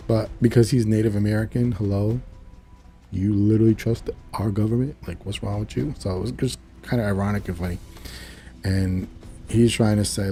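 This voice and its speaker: A man's voice: lowish voice, steady tone, normal speed, mellow. A man casually recapping a television episode, retelling the scenes with chatty asides. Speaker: video reviewer.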